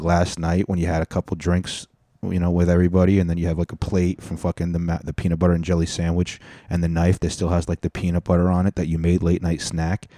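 A man's voice: low voice, mellow, dry recording. A man hosting a podcast, telling rambling, profane stories in a joking, casual way into a studio mic. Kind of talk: casual storytelling. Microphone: studio mic with cough button.

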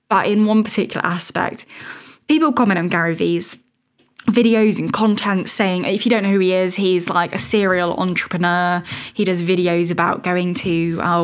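A woman in her thirties hosting a casual solo podcast, chatty and rambling, laughing at her own tangents. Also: fairly low pitch. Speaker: podcast host.

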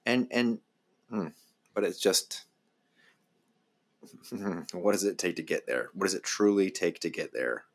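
A man's voice: sits low, big pitch swings, unhurried, long pauses. A man co-hosting a casual podcast, thinking aloud in a reflective way with frequent fillers.

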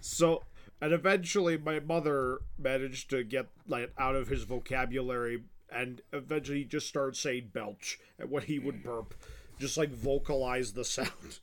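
A man co-hosting a film podcast, telling stories in a halting way with laughs. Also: mid-range voice, steady tone. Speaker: podcast co-host. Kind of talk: casual chat.

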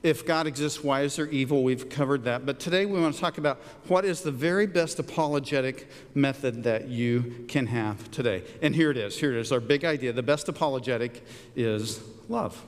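A middle-aged man preaching a sermon, an animated storyteller who jumps up in pitch for quoted lines. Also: brisk. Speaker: pastor. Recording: long hall reverb.

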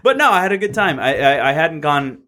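A man's voice: fairly high pitch, very animated, fairly quick, sharp tone. A man in his thirties from Southern California, co-hosting a podcast in casual chat, rambling through a story with restarts and laughs. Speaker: podcast co-host.

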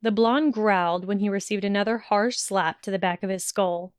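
A woman reading a fan fiction audiobook in a measured storytelling voice. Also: medium pitch, steady tone, smooth, no echo. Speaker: audiobook reader.

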